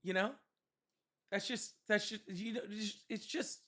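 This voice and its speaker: A man's voice: high-pitched, unhurried, bright, forceful tone. A young man hosting a casual livestream, chatting with viewers, thanking them and laughing often. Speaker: livestream host.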